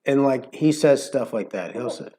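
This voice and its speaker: A man's voice: medium pitch, lively intonation, moderate pace, dark tone. A man with a mild Florida Southern accent hosting a casual livestream, rambling with lots of fillers and restarts. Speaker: livestream host.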